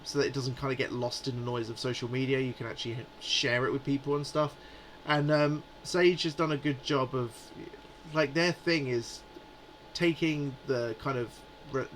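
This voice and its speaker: A man's voice: mid-range voice, fairly bright tone, slight background noise, poor audio. A man in his forties hosting a live stream, chatting in a rambling, amused way. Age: 40s. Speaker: livestream host. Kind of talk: casual live chat.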